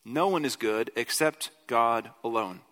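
A man preaches in a loose, conversational way, slipping into quoted voices and circling back on his own sentences. His voice sits at an ordinary middle pitch. The sound carries the long reverb of a church hall. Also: unhurried. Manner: conversational, animated quoting, frequent "like" and restarts. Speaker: pastor. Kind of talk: sermon.

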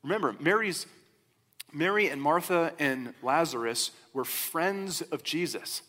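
A man preaching a sermon as a pastor, in a conversational, animated storytelling way. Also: a little high, measured pace. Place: church sanctuary. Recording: long hall reverb.

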